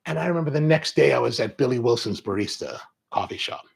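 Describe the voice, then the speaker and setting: A man hosting a coffee show, chatting with viewers and telling animated stories. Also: mid-range voice, quick pace, vocal fry, husky. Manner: animated storytelling, acts out quoted exchanges. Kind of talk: live-stream chat with viewers.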